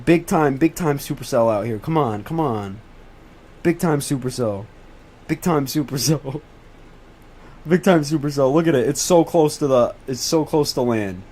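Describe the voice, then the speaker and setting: A teenage boy hosting a casual livestream to his chat as he tracks storms. He swears, pleads and repeats himself over and over, breaking into excitable bursts when he spots something. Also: mid-range voice, moderate pace. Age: teens.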